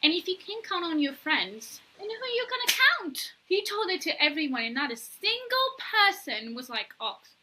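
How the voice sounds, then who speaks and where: A young woman co-hosting a casual book-discussion podcast, talking in an animated, gushing way and swearing freely. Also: extremely high pitch, moderate pace, few pauses, slight background noise, poor audio. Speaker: podcast co-host.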